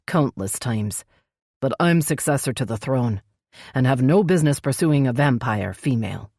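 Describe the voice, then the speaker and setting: A brooding male elf heir, gruff and curt, growling out his words, as a woman narrator puts him on. The voice sits very low and is dry and close, an audiobook read. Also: expressive, moderate pace, dark tone, dry recording, exaggerated voice. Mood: stern. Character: brooding male elf crown prince, stern.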